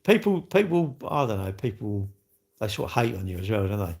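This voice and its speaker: A man's voice: lowish voice, sing-song, a little fast, gravelly, a little mellow. A man chatting sarcastically with his live-stream viewers from home, mocking their comments. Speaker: livestreamer. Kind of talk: casual live-stream chat. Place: home, near his kitchen.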